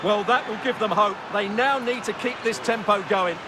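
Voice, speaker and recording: A man giving calm football co-commentary analysis for a video game, often opening with "well". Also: sits high, normal speed. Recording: game audio with loud background noise.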